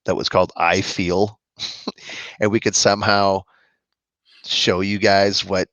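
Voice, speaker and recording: Man, low voice, rambling casual chat, dry lo-fi stream sound. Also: flat delivery, fairly bright tone, no echo. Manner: rambling, halting restarts, friendly. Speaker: co-host of a musicians' live chat. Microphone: video call. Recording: dull lo-fi stream audio.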